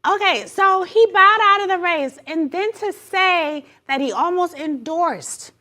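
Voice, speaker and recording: A Jamaican woman co-hosting a talk show, her voice squeaky and strained, pitched very high and sharp in tone. She speaks outspokenly and with emphasis in casual chat. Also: lively intonation, a little slow. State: strained voice from throat trouble.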